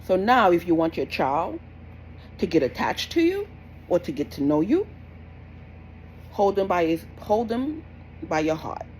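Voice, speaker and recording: A woman's voice: lowish voice, very animated, measured pace, pauses often, darkish tone, a little hiss or hum, rough recording. A young woman, giving blunt, repetitive parenting advice in a scolding, casual rant. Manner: blunt, scolding, repeats herself. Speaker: parenting vlogger.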